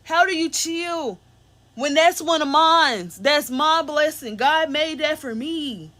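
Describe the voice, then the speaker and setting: A woman rants straight to her audience in a loose, rambling monologue, heavy on slang and blunt put-downs. Her voice sits fairly high for a woman. She keeps the tone emphatic from one thought to the next. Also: takes it slowly, sharp tone. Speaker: spiritual reader. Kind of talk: unscripted venting monologue.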